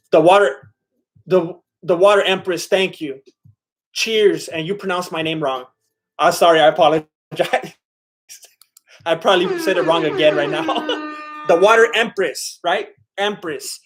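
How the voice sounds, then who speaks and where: Male fight-channel host with a slightly high voice and loose, laughing commentary. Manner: chatty, laughs often, relays the interview. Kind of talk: casual live fight watch-along commentary.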